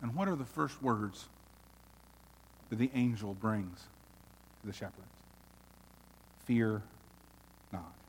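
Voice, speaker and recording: A man's voice: lowish voice, lively intonation, unhurried, pauses often, a little hiss or hum. Preaching man in an echoing church. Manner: earnest preaching, swelling loud then dropping to near hush. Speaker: pastor. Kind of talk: sermon.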